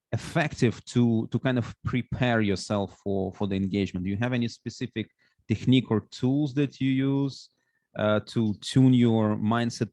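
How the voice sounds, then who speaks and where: A man's voice: on the low side, a little mellow, no echo. A man hosting a podcast, asking long questions with frequent hesitations. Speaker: podcast host. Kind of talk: interview questions.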